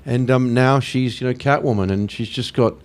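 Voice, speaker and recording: An Australian man talks as a guest on an interview show. His speech is mid-pitched, and he comes across as eager and warm-hearted. He often breaks into laughter and playful voices. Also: moderate pace. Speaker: guest actor. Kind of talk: casual interview chat.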